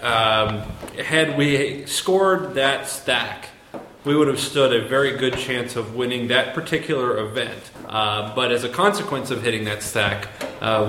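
Man, robotics team member, measured, hesitant, echoey room, noisy background. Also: medium pitch. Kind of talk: casual chat.

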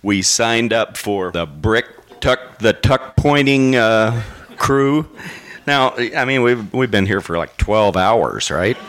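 Slow, bright-toned storytelling man. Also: on the low side, a little hiss or hum. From Oklahoma. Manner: relaxed, chuckling storyteller. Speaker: lecture speaker. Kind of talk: storytelling talk to a live audience. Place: lecture hall with audience.

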